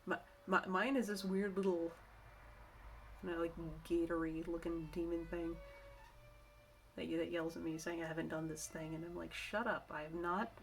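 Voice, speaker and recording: A woman's voice: lowish voice, level tone, moderate pace, vocal fry, pauses often, slight background noise. A middle-aged woman chatting casually to camera in a vlog, rambling and self-correcting as she shares work-from-home tips. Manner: rambling, chatty, with many restarts and asides.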